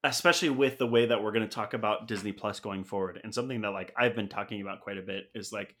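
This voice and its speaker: A man's voice: lowish voice, fairly even intonation, fast talker, a bit bright. A man co-hosting a podcast, making opinionated points in casual movie chat and leaning on "like" as he builds them. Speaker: podcast co-host.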